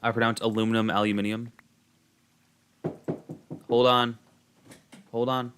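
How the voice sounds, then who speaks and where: A man's voice: medium pitch, moderate pace, fairly bright tone, a little hiss or hum. Rambling young male streamer. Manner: rambling, many fillers and restarts. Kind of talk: casual chat while gaming.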